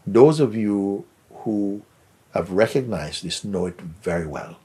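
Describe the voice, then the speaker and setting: A man giving a soft, unhurried spiritual talk as a teacher answering a question. He often trails into a whisper and gently repeats words for emphasis. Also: on the low side, expressive, husky.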